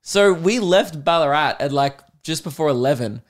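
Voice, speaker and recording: A young Australian man tells a long pub story on his comedy podcast, loose and chatty. He keeps acting out the other people with quick put-on voices, swears casually and laughs at his own lines. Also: on the high side. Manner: animated, acts out quoted voices, swears freely, laughs mid-story.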